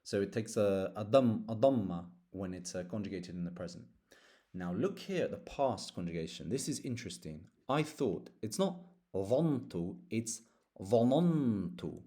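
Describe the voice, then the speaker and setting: A man's voice: lowish voice, animated, moderate pace, mellow. A man teaching an Arabic grammar lesson, patiently explaining roots and walking through verb conjugations one form at a time. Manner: patient, explanatory, spells out root letters and conjugations.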